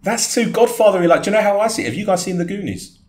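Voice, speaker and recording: A man co-hosting a casual football podcast, animated and laughing often as he jokes. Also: high-pitched, very fast. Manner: animated, laughs a lot while joking. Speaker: podcast co-host. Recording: echoey room with faint noise.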